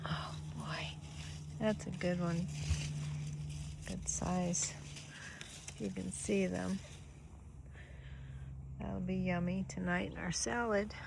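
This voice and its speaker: A woman filming her farm animals, chatting casually and talking to them in a gentle, coaxing voice. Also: on the low side, steady tone, slow pace, creaky, pauses often. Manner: gentle baby-talk to animals, frequent soft laughs. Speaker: farm vlogger. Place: outdoors on a small farm. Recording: outdoor farm noise, animals behind. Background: animal sounds and outdoor ambience.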